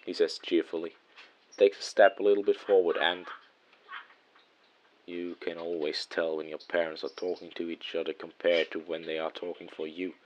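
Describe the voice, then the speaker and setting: Male horror storyteller, very low voice, hushed and measured, faint hiss underneath. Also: steady tone, poor audio. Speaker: narrator. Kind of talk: first-person horror story narration.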